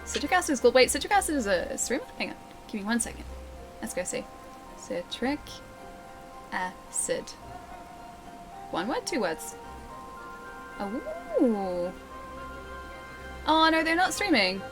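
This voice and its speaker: A woman's voice: high voice, big pitch swings, fast talker, music in the background. A young woman livestreaming a game, chatting casually and giggling as she reads her chat aloud. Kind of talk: casual live-stream chat.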